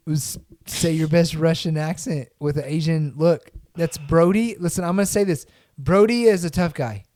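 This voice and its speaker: A young man hosting a casual podcast, teasing and excitable, swearing casually. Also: a little high, moderate pace, no echo. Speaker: podcast host. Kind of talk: casual chat.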